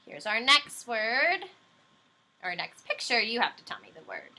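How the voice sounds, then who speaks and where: Woman, primary teacher, patient phonics walkthrough, very bright, slightly high voice, slow and drawn out. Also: huge pitch swings. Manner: slow, patient, encouraging, stretches out words and letters. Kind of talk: phonics lesson for young children.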